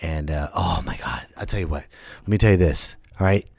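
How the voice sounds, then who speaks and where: A man who is a stand-up comedian hosting his own podcast, telling road stories in a casual monologue and breaking into loud voices for the people in them. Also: rumbling low, a little fast, no echo, studio quality. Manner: animated, jumps into loud impressions of others.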